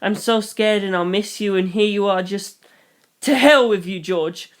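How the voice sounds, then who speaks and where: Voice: measured pace, clean tone, natural voice. A reader voicing a scared, stubborn eleven-year-old girl who pleads through sobbing tears, in a fan reading of a novel. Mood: upset. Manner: sobbing, pleading, rising high. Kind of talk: audiobook reading.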